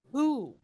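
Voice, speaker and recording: A woman's voice: mellow, no room sound, studio quality. A woman from Texas, working as a spiritual medium in a reading session over a video call. She talks in a chatty, rambling way and keeps breaking off to say "hold on.". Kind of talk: live reading session with a client.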